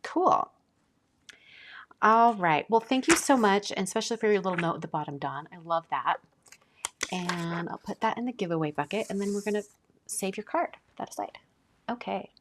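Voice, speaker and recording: A woman hosting a casual live stream, chatting and gushing as she opens mail, often dropping to a soft whisper. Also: medium pitch, expressive, normal speed, pauses often, a little hiss or hum. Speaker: card-making channel host.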